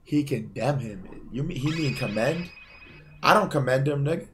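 A man's voice: medium pitch, expressive, moderate pace, a bit bright, a little hiss or hum. A young man giving casual reaction commentary and often turning to his viewers to ask if they agree. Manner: chatty, asks viewers for agreement. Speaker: reaction channel host.

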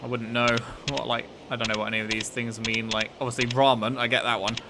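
A man's voice: mid-range voice, level tone, fast talker. Chatty, swearing let's-play guy. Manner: chatty and puzzled, swears freely. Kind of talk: casual gameplay commentary. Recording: noisy, with game sounds behind.

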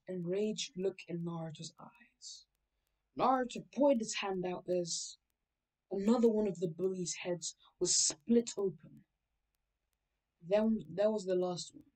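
A woman's voice: mid-range voice, a little mellow, poor audio. A woman casually narrating a fan story, rambling, swearing and correcting herself as she goes.

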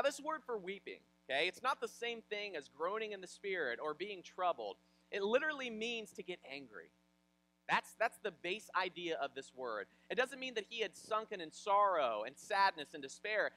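A male pastor from Ohio, preaching a sermon in an animated, conversational way with personal stories. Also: high-pitched, normal speed, rough recording. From Ohio, USA.

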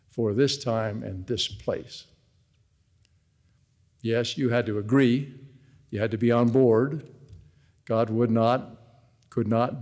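A man preaches a devotional address in an earnest, measured way, often reading scripture aloud. His voice sits at an ordinary pitch. A long reverb from the large arena trails behind his words. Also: a little mellow. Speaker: devotional speaker. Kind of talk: devotional sermon.

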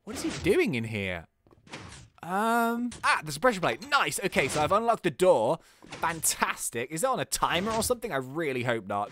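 A woman giving let's play commentary, excitable, thinking aloud and singing little jingles. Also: fairly low pitch, normal speed, slight background noise. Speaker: gaming YouTuber.

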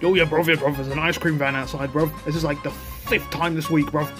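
A man's voice: a little high, little pitch movement, a little fast, music in the background, close to an everyday voice. A man voicing a young roadman type, ending every phrase with "bruv" in a home-made comedy skit. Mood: mocking.

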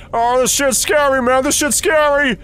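A man's voice: extremely high pitch, fairly even intonation, normal speed, a bit bright. A young man playing a horror game, talking sarcastically to the game, swearing and yelping at scares. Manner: jumpy, yelps and nervous laughs. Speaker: gaming streamer.

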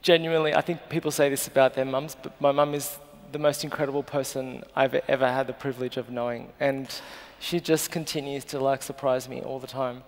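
A man's voice: mid-range voice, flat delivery, fairly quick, few pauses. A man with an Australian accent in his thirties, speaking earnestly and emotionally as a guest on stage. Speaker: journalist guest. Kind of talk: live stage interview. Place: festival stage. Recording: long hall reverb.

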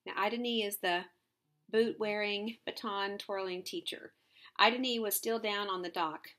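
A woman's voice: mid-range voice, a bit bright. A woman reading a novel aloud, adding conversational asides with hesitant fillers. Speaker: reader.

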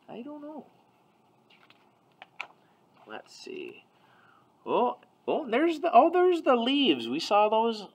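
Male preschool teacher, gentle and full of wonder, pitch bouncing up and down, talking young kids through a picture book. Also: rough recording. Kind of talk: picture walk of a storybook for young children.

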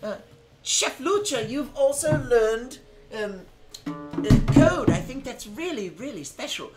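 A man's voice: very high-pitched, big pitch swings, slow, over loud music. A man hosting his first live stream, chatting casually in a playfully dramatic, self-mocking way. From United States.

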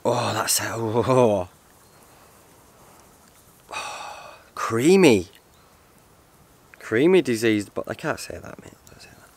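Excitable guy vlogging. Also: mid-range voice, takes it slowly, gravelly, long pauses, breathy edge. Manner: excitable, rambling, swears and laughs often. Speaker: outdoor vlogger. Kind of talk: casual vlog to camera.

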